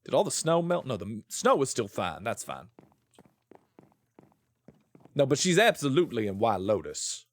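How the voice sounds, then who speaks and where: A man's voice: medium pitch, very animated, moderate pace, long pauses, no echo. A man streaming a game, rambling playfully about shows and swearing freely as he plays. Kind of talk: casual live-stream chat while gaming.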